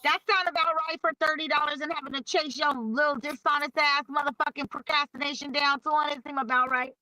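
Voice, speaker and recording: A woman with a high, bright voice trades blunt, wisecracking remarks as a podcast co-host. The recording is dry and close, with no room echo. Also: steady tone, a little fast. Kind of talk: casual chat.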